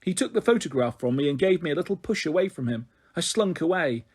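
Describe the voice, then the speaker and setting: A man reading a children's novel aloud in an expressive storytelling manner. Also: fairly high pitch, fast talker, slightly rough. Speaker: story reader.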